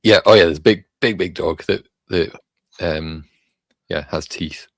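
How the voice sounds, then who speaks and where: Welsh-born man, low and gravelly, hesitant self-deprecating livestream co-host. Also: a little slow, dry recording. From Wales. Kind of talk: casual livestream chat.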